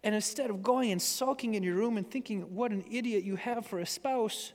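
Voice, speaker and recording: A man preaching a sermon with great drama, dropping to hushed whispers and rising to shouts. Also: high-pitched, a little fast. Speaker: pastor. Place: church sanctuary. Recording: long church reverb.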